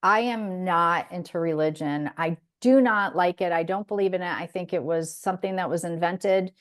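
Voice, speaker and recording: Reflective woman hosting a podcast. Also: lowish voice. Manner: earnest, reflective, halting with restarts. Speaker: podcast host. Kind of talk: casual chat.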